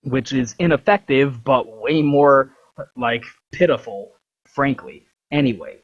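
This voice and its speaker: A vlogger on a heated, profane rant, speaking at a middling pitch with a husky, breathy edge. The talk is loose and full of fillers, and the recording sounds dull and lo-fi. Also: a little slow. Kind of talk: casual ranting monologue.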